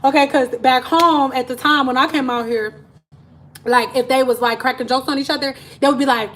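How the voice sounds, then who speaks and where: A woman with a Detroit accent chats to her live-stream viewers in a high voice, telling a story with plenty of laughter. She jumps into the voices of the people she quotes and keeps the tone loose and animated. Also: a little fast, slight background noise.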